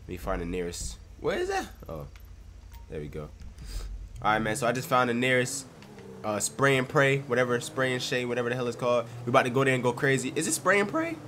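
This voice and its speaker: A man's voice: mid-range voice, huge pitch swings, fast talker, slight background noise. A young man with a congested voice from a cold, giving slangy, hyped commentary over his gameplay. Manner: slangy, hyped, loud outbursts. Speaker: gaming streamer.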